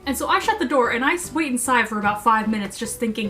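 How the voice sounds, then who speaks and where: Animated young woman vlogger telling a story. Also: a little high, fast talker, hardly any pauses, faint music behind. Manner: animated, playful, self-mocking. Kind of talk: casual storytelling to camera.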